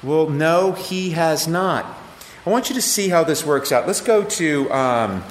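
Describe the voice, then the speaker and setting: A man's voice: on the high side, lively intonation, a little slow, a little hiss or hum. A middle-aged man, a pastor, teaching a sermon in a conversational way and asking questions of the people in the room. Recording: echoey hall, faint ambience.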